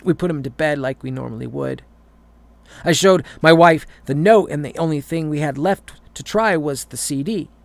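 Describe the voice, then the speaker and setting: A man's voice: a little high, normal speed, gravelly, no echo. A man reading a horror story aloud, often stumbling and repeating words.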